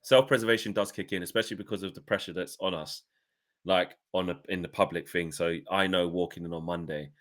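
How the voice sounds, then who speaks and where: A man talks football on a fan channel in a low but bright, forceful voice. He gets animated, swears freely and acts out his friends' reactions. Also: quick pace. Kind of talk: casual football chat.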